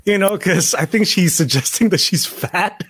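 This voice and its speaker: A man's voice: high voice, normal speed, fairly bright tone, slightly rough, dry recording. A man co-hosting a film reaction chat, making sarcastic, joking remarks about the scenes.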